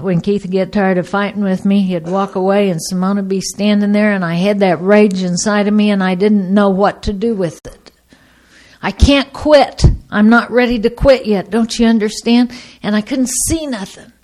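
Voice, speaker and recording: A middle-aged woman giving a personal testimony to an audience, a lively storyteller who acts out the people in her story. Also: lowish voice. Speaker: speaker sharing her recovery story.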